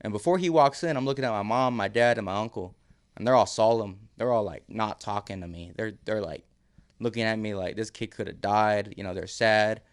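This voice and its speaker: A man's voice: on the low side, a little fast, clear, resonant tone. A man casually telling a story on a podcast, laid-back, using slang and laughing often. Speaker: podcast guest.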